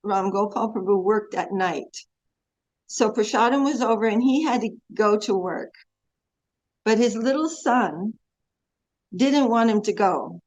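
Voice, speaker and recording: A woman's voice: mid-range voice, a little slow, pauses often, a little mellow. A woman spiritual teacher giving an earnest devotional class talk over a video call, telling stories and quoting prayers. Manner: earnest, storytelling with many quoted prayers. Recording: dull lo-fi video call audio.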